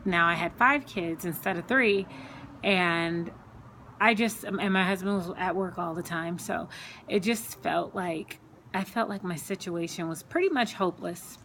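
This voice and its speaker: A woman with a slightly low voice tells her personal faith testimony, unscripted and earnest. She circles back, repeats words and leans on fillers as she talks. A faint ambient hum sits under the recording. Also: measured pace, fairly bright tone. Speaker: Christian speaker sharing her testimony.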